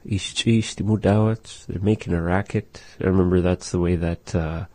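A man teaching words of his language in a relaxed lesson, saying phrases slowly for a learner and thinking aloud with fillers. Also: sits low, no room sound.

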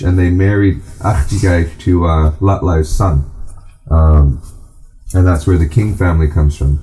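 A man teaching a class, speaking in an unhurried way and pausing often with ums and uhs. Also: deep voice, mellow. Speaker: language and culture teacher. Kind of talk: informal class talk.

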